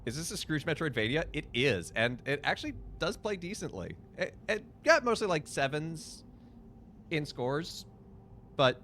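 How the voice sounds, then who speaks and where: A man's voice: fairly high pitch, big pitch swings, normal speed, a bit bright, slight background noise. A man giving casual, opinionated commentary as he streams a game, chatting and thinking aloud.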